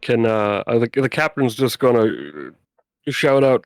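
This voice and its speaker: A man's voice: medium pitch, very animated, a little slow, no room sound. A man playing the captain in a tabletop game, talking in a hesitant, jokey way with many fillers. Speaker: player. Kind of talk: casual chat.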